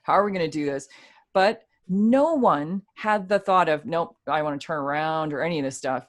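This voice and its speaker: A woman hosting a show, telling a personal hiking story in a casual, animated way, laughing as she goes. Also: deep voice, normal speed. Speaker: show host.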